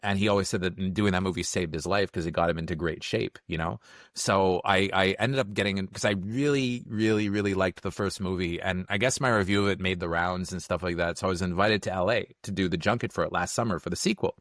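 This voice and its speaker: A middle-aged man chatting casually as a podcast guest, telling stories quickly and acting out the lines of the people in them. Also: deep voice, steady tone, fairly bright tone, no room sound, studio quality. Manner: fast storyteller, acts out quotes. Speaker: podcast guest, film critic. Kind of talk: casual chat.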